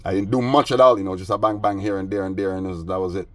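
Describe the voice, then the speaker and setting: A man's voice: low voice, steady tone, very fast, no echo. A man rambling through a story in casual street slang, aggrieved and agitated. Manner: streetwise, peppered with "man" and "bro". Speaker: vlogger.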